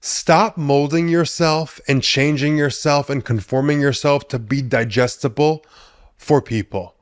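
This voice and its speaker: A man's voice: medium pitch, fairly even intonation, a little slow. A man hosting a solo podcast, giving blunt, profane advice and laughing often at his own jokes. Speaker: podcast host. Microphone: podcast mic.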